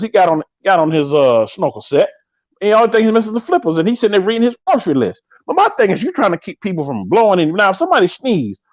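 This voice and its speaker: A man in his thirties hosting a live podcast, riffing with animated, joking commentary and drawn-out exclamations. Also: fairly high pitch, no echo, dull audio. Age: 30s. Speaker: podcast host.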